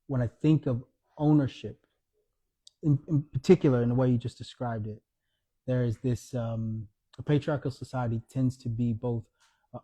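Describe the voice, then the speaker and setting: A man, an author at a live book event, telling stories and acting out quoted dialogue in a lively conversational way. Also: mid-range voice. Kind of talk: storytelling conversation.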